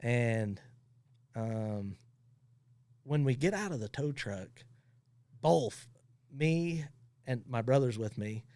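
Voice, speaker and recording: A man who owns a towing company, guesting on a podcast and telling funny stories in a casual, animated way, often laughing as he talks. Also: medium pitch, takes it slowly, long pauses, dry recording. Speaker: tow truck company owner, podcast guest. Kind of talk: casual storytelling.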